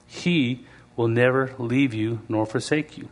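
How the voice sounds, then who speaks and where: Delivering a conversational sermon, this mid-range-voiced pastor sometimes performs the voices of people he quotes and reads scripture at a slow, deliberate pace.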